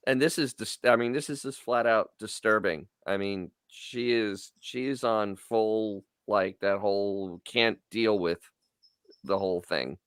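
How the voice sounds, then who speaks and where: A man co-hosting a podcast in casual chat, speaking haltingly with stumbling restarts and often agreeing. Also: on the low side, a bit bright, smooth, dry recording. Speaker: podcast co-host.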